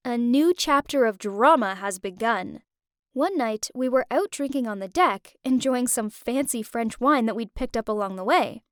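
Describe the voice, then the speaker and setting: A young woman narrating an animated story in first person, chatty and breathless. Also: a little high, normal speed, no room sound, studio quality.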